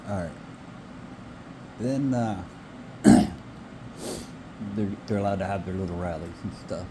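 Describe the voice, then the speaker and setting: A man's voice: deep voice, takes it slowly, very noisy. A man in a rambling, profane solo rant who repeats himself for emphasis.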